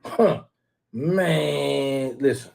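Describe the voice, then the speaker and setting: A man rambles through a casual live stream, ribbing rival fans and shouting out viewers one by one. His voice is gravelly with fry, a bit husky and rough around the edges, sitting at an ordinary pitch. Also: very slow. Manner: teasing, rambling, trash-talking, shouts out viewers.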